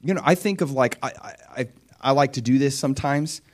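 A middle-aged man preaching with lively, theatrical energy. He acts out conversations in different tones and sometimes drops to a near whisper. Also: medium pitch, brisk. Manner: animated, acts out prayers and Jesus' replies, drops to whispers. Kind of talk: sermon.

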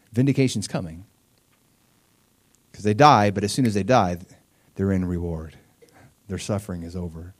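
A man's voice: lowish voice, a little mellow. A middle-aged man preaching a conversational sermon, earnest and emphatic, often repeating and restarting words.

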